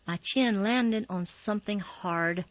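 A woman narrating a memoir in a calm, measured reading. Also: mid-range voice, no echo. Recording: slightly dull, dry recording.

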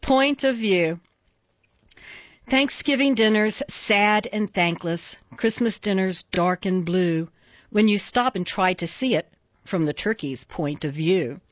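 A woman reading children's poems aloud in a playful, expressive sing-song way. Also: medium pitch, slow, no room sound, highs cut off. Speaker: reader.

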